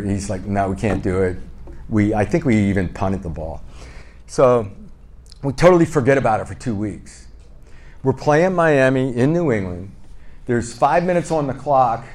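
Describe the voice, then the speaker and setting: A man with a voice of ordinary, middling pitch tells stories in a relaxed, chatty way. He acts out both sides of old conversations and pokes fun at himself as he goes. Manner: lively, re-enacts dialogue with "I go, he goes"; self-deprecating and playful. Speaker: podcast guest. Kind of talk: casual anecdotal storytelling.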